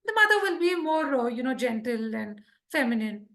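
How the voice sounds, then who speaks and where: A woman teaches public speaking to a live club, her voice high and bright with a husky edge. She keeps a lively, teacherly rhythm and keeps checking that her listeners follow. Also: normal speed. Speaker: Toastmasters speaker teaching speech craft. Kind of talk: live instructional talk to a club.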